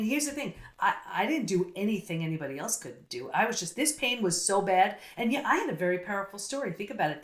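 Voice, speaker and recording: A middle-aged woman, a psychologist guest, telling her story in an earnest, casual interview manner. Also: mid-range voice. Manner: earnest, storytelling, quick asides. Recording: roomy echo.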